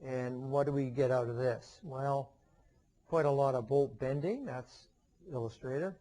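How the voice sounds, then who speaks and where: At a measured pace and in a dark, medium-pitched voice, an engineering lecturer leads a webinar lecture. It's conversational, with frequent fillers, restarts, and questions he answers himself, and the recording is rough.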